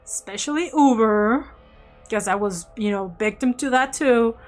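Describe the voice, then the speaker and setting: A woman vlogger casually telling an animated story and laughing often. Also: fairly high pitch, measured pace, soft background music.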